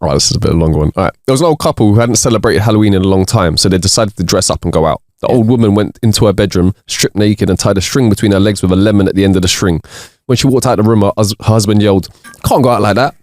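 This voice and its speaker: A man's voice: fairly low pitch, rapid-fire, a little mellow, dry recording, clean studio sound. A man co-hosting a podcast, reading jokes aloud in casual chat and laughing between them. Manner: reads jokes with bursts of laughter. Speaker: podcast co-host.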